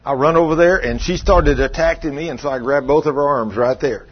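A middle-aged man, a pastor telling a story in a sermon and acting out the scene with shouted commands. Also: a little high, fairly quick, breathy edge, muffled recording.

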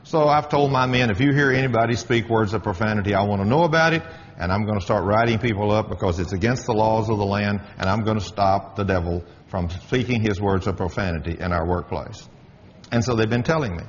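Middle-aged man with a lowish voice, delivering an emphatic preacherly testimony; dull sound in a reverberant hall. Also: brisk, slight background noise. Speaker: workplace manager giving a testimony. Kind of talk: spoken testimony with storytelling.

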